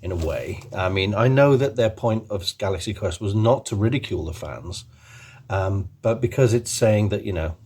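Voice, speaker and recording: A man's voice: on the low side, lively intonation, normal speed, darkish tone, breathy edge. A man hosting his own channel, chatting casually and enthusiastically, rambling with many ums and restarts. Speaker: channel host. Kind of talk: casual chat.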